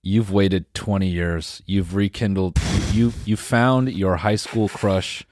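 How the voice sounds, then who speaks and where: Deep-voiced young guy needling his cohost. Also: steady tone, slow pace, a little mellow, no echo, clean studio sound. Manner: goading, stammering restarts. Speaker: podcast co-host. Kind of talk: casual comedic banter.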